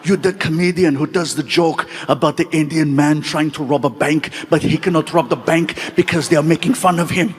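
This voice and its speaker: A man doing a booming muscleman star gushing at fans. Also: in a large hall, close to an everyday voice. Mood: hearty. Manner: enthusiastic, repeats stock greetings quickly.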